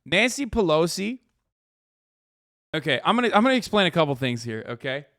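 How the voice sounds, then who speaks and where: A man's voice: a little high, very animated, a little fast, fairly bright tone, no room sound, studio quality. Sarcastic, swearing male streamer. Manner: profane, sarcastic, ranting. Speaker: live streamer. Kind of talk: casual live-stream commentary.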